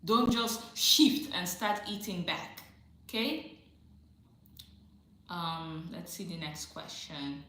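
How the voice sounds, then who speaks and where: A woman's voice: lowish voice, expressive, takes it slowly, long pauses, bright, forceful tone, slight background noise. A woman hosting a casual livestream, reading viewer questions aloud and answering them directly, often laughing and repeating her advice for emphasis. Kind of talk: casual live chat, reading and answering comments. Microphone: phone or computer mic on a livestream. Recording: very echoey room.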